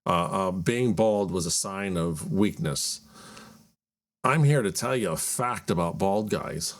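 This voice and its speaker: A man with a very deep voice and a gravelly edge hosts his own show from a cold home garage. He talks in a loose, rambling, chatty way and pokes fun at himself as he goes. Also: lively intonation, takes it slowly. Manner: rambling, chatty, self-deprecating. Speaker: podcast host. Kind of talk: casual solo talk.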